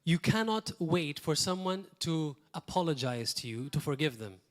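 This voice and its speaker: A man from Malta preaches with earnest conviction, his voice sitting fairly high for a man. He swings between loud, emphatic lines and hushed asides, often pausing to ask his listeners a rhetorical question. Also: animated. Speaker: pastor. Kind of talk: sermon. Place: church.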